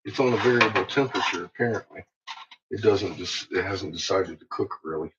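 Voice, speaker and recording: A man chatting casually to his viewers in a workshop, laughing a lot and swearing freely as he tells animated stories. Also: deep voice, a little fast, heavy background noise. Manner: laughing, profane, animated storytelling. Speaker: vlogger. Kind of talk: casual chat. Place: workshop with a kiln. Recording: muffled lo-fi recording.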